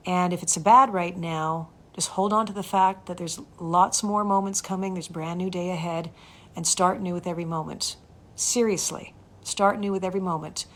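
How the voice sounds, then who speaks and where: A woman from Canada, a voice actor and coach, chatting casually with fans on a livestream and thanking viewers by name. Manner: animated, jumps up in pitch for emphasis.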